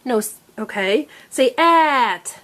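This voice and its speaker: A woman's voice: on the high side, expressive, measured pace. A woman teaching a young child to read at home, patiently sounding out letters and praising each try. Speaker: reading teacher. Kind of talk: phonics lesson with a young child.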